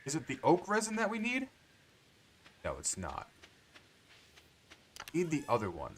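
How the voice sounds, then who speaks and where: A man's voice: on the high side, wildly swooping pitch, unhurried, slight background noise. A man livestreaming a farming game, rambling to himself and swearing often in casual commentary.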